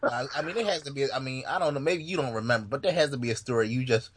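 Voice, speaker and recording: A man's voice: medium pitch, racing, background noise. A man hosting a casual chat, amused and teasing, laughing often as he asks questions.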